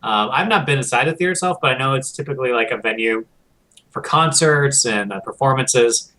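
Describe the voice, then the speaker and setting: Michigan guy, fast talker, bright forceful tone, chatty guest. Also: medium pitch, low-quality recording. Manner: rambling, lots of fillers, quick and bright. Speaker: guest commentator. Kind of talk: casual chat.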